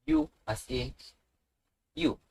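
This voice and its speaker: A man teaching a language tutorial, pronouncing each letter slowly and repeating it with example words. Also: a little mellow, rough recording. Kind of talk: slow instructional tutorial.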